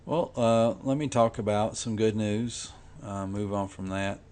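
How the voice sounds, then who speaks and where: A man's voice: on the low side, a little slow, darkish tone, clear, resonant tone. A man who makes comics, talking casually and rambling while he colors, with lots of "you know" and restarts. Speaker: comic artist vlogger.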